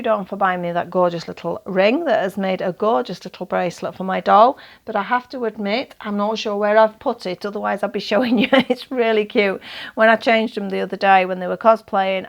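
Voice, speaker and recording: A woman talks through a relaxed show-and-tell vlog in a chatty, rambling way. Her voice is gravelly with vocal fry and sits at a middle pitch. She sounds a little hoarse, as if losing her voice. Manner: chatty, rambling, laughs often. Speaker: doll collector vlogger.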